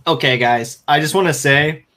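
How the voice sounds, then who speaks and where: A young man chats casually in an excitable, joking way. His voice sits a bit higher than most men's. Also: moderate pace. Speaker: watch party co-host. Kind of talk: casual chat.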